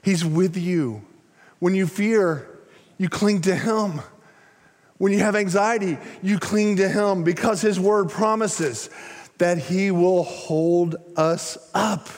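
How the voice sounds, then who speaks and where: Older male pastor with a high-pitched voice, preaching with sweeping dynamics in a reverberant hall. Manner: dramatic swings between loud emphasis and hushed low phrases. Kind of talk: sermon. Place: large church sanctuary.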